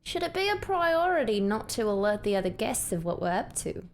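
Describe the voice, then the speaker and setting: A woman's voice: a little high, big pitch swings, fairly quick. A woman doing a prim investigator with a wobbly Australian accent. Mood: earnest. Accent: put-on Australian, drifting toward Liverpool. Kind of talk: tabletop role-play in character.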